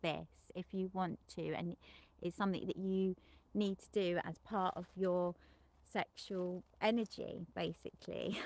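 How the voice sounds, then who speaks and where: A woman's voice: on the low side, gravelly, a bit bright. Frank, rambling woman sex therapist. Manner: rambling, frequent restarts and self-corrections; frank and unembarrassed on explicit topics. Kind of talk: casual monologue recounting a client session.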